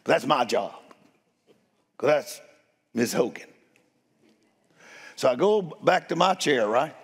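A man preaching as a guest in a church, telling stories in a playful, animated way and laughing along. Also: medium pitch, takes it slowly, husky. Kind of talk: storytelling sermon. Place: church sanctuary. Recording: long reverb of a church hall.

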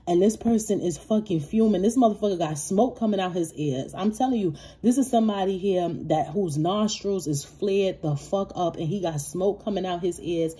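A tarot reader with a husky, medium-pitched voice gives her viewers a casual reading. She's animated and profane, cursing freely, laughing often and calling them baby and child.

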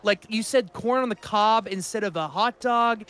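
High, bright man playing a comic character. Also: normal speed, smooth. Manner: rambling, comedic, talks through his character's actions. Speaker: guest player. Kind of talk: improvised tabletop role-play.

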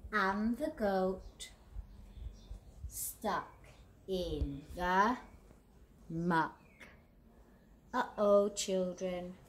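Animated woman reading a children's story. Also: mid-range voice. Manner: animated, sing-song, talks to kids. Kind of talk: reading a picture book aloud.

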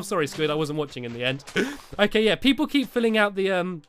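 A man's voice: high-pitched, very animated, fairly quick, a bit bright, slight background noise. A man giving chatty, giggly commentary over his own game, chivvying his helpers along. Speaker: Minecraft video host. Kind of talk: casual gameplay commentary.

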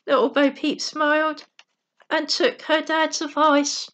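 Woman, bedtime story reader, high-pitched, slow pace, gentle, small self-corrections.

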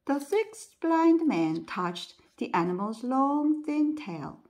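A woman reading a bedtime story aloud. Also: sits high. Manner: slow, lively storybook reading.

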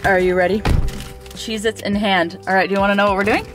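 A woman in her twenties vlogging a day out with her sister, playful, teasing and excitable. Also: mid-range voice, fast talker, over music. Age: 20s. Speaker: vlogger host. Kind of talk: casual vlog with her sister.

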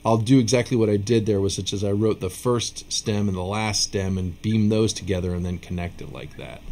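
Low-voiced man teaching music casually. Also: warm tone. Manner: casual, self-deprecating, counts and scats rhythms aloud. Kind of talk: relaxed video lesson.

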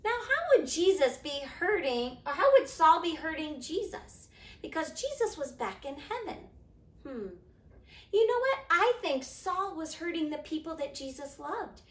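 A woman teaching preschoolers online, telling a Bible story in a gentle, sing-song way. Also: high voice, sing-song. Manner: gentle, sing-song, talking slowly to small kids. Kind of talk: storytelling to young children. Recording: echoey room.

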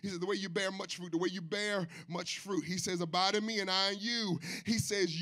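Man, pastor, preaching in a church, high and bright voice, call-and-response, soft to shouting. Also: fast talker. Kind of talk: sermon. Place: church sanctuary.

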